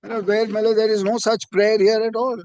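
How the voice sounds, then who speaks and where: A man's voice: high-pitched, flat delivery, a little fast, darkish tone, smooth, no room sound. A man arguing before a judge in a courtroom, deferential and formal, inserting "my lord" into nearly every phrase. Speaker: advocate.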